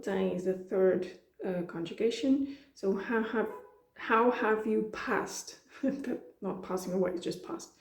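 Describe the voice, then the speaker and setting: A woman's voice: medium pitch, measured pace, a little mellow, echoey room. A woman from Portugal with a European Portuguese accent, teaching in a chatty way, acting out dialogue lines and laughing often. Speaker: language teacher. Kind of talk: casual explanatory lesson.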